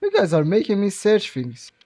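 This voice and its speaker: A man's voice: sits high, huge pitch swings, normal speed, dark tone. A man from Iran with a Persian accent, his first language being Persian, chatting casually with his chat on a game livestream, laughing often and bantering playfully. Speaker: streamer.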